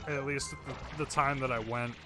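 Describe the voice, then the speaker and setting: A laid-back co-host chats casually while a friend plays. The speaker gives short, dry replies in a medium-pitched voice. Game music plays clearly behind the voice. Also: fairly even intonation, a little fast. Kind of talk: casual gameplay chat.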